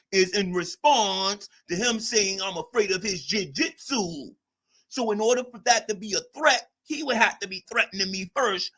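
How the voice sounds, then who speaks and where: A man's voice: high-pitched, moderate pace, sharp tone. A man hosting a live stream, mocking and arguing with chat commenters in a casual rant. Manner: mocking, combative, reads chat aloud.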